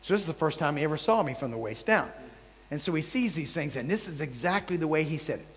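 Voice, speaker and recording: A man's voice: a little high, quick pace, a little hiss or hum. Storytelling male preacher in a reverberant hall. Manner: animated anecdotes, jokey asides to the audience. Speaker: traveling Bible teacher. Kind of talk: storytelling sermon. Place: large hall before a live audience.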